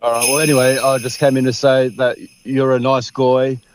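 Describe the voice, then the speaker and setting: A man's voice: mid-range voice, flat delivery, normal speed, noisy background. A man calling in over a voice chat app while driving, chatting in a friendly, easygoing way. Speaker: caller. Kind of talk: casual call-in chat. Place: driving in a car.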